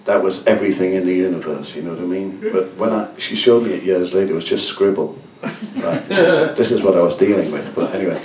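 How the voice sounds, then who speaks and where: With a low, darkish voice, this man talks fast and expressively, barely pausing as he laughs through rambling tales for a gallery crowd. He's a musician giving a casual talk at a book event, recorded from a distance in an echoing room with slight background noise.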